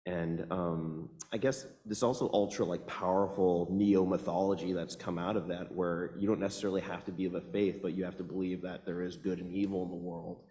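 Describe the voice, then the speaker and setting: A man's voice: low-pitched, a little fast, hardly any pauses, dark tone. A man who grew up in Hawaii, introducing himself as a comics writer on a panel, enthusiastic and rambling with fillers. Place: event hall. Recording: long hall reverb.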